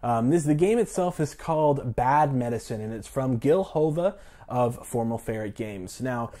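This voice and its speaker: A man's voice: medium pitch, expressive, moderate pace, mellow. Chatty man reviewing a board game. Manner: chatty, many fillers, laughs at the topic. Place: indoors at a table with the game.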